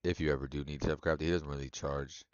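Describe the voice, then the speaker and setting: A man with a very deep voice rattles on quickly in a loose, profane stream chat with his viewers and laughs often. The sound is dry and close, through a dull lo-fi stream mic. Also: flat delivery, a little mellow, smooth, dry recording. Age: adult. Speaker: game streamer. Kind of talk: casual live-stream chat.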